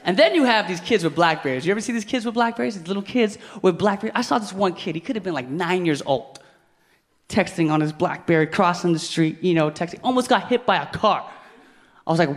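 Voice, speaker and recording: High, lively male stand-up comic on stage. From Philippines. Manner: animated, acts out voices in quick bursts. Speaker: stand-up comedian. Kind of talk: stand-up routine. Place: concert hall stage before a live audience. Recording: live stage recording, faint crowd and noise.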